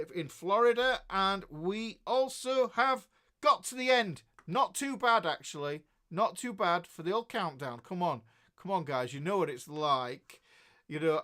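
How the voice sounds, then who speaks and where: A man in his fifties with a Northern English accent hosts a casual guitar live stream, greeting viewers by name. His voice sits slightly higher than most men's. He rambles warmly, with plenty of restarts and easy chuckles. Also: smooth. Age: 50s. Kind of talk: casual live-stream chat reading out comments.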